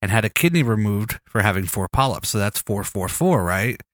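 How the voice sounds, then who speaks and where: A man's voice: fairly low pitch, lively intonation, a little fast, fairly bright tone, no room sound, studio quality. A man with a stuffy nose from a cold, hosting a casual podcast chat, rambling and joking as he steers the talk. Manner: rambling, joking, bossy with co-host. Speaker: podcast host.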